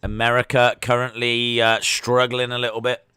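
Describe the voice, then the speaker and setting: A streamer reacts to the races live, chatty and easily excited. His voice is bright and crisp, close to the mic in a dry room. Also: medium pitch, moderate pace, no room sound. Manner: chatty, excitable, with frequent fillers. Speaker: livestream host. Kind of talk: live sports watch-along commentary.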